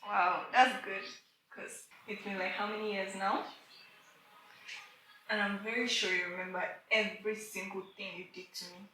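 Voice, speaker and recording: A woman voicing a bitter, gloating young woman in an amateur drama, mocking and sure of herself in a sharp, bright voice. Her lines echo heavily around the room from a distance from the mic. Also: medium pitch, fairly even intonation, moderate pace, a little hiss or hum, natural voice. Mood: taunting. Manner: taunting, self-satisfied, mocking. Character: bitter young woman confronting an old tormentor.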